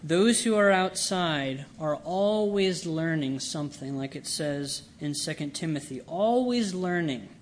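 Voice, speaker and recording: A man preaching a sermon, reading scripture and explaining it with slow, earnest emphasis. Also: a little high, animated, a little hiss or hum.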